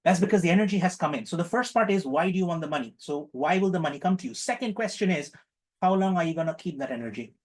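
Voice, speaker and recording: A man with a somewhat raised pitch guides an online group healing session. He speaks in a playful, teacherly way, repeating each question to his listeners over a video call microphone. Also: expressive, fast. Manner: playful, repetitive teacherly prompting.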